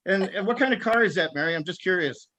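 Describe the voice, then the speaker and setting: A rambling, stammering comic man from Southern California, riffing over a video call. His voice sits fairly high and he keeps breaking into laughter at his own jokes. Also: animated, fast, pushed and bright. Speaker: stand-up comic.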